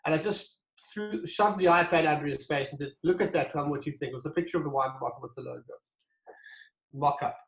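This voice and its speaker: Guest, fairly high voice, lively storyteller, roomy echo. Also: male voice, fast talker, creaky. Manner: animated, acts out quoted dialogue, frequent restarts. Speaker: guest, wine brand founder. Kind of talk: casual storytelling interview.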